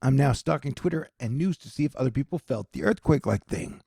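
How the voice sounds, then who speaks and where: A man casually covering the news on his vlog, reading tweets aloud and making jokey asides, at times rising to loud excited questions. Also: mid-range voice, fast, creaky, breathy edge, no room sound, studio quality. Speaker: online news commentator. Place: home in Texas.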